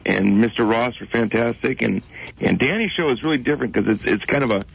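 A man recounts a comedy show he saw, hesitating and restarting his sentences often. His voice is a little husky. The radio sound is slightly dull. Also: medium pitch, a little fast, dry recording. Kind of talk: casual radio chat.

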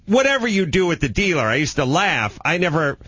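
A man's voice: a little fast, breathy edge, dry recording. A man in his thirties from the San Fernando Valley, telling a comedic story in casual chat and jumping into incredulous shrieks. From the San Fernando Valley, California. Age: 30s. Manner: animated, jumps to shrill incredulous shrieks when acting out his disbelief.

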